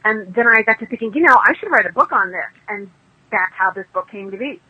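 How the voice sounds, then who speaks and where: A woman's voice: mid-range voice, expressive, fairly quick, breathy edge, lo-fi sound. A woman author being interviewed, telling stories in a chatty, emphatic way and acting out the people she quotes. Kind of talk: casual interview storytelling.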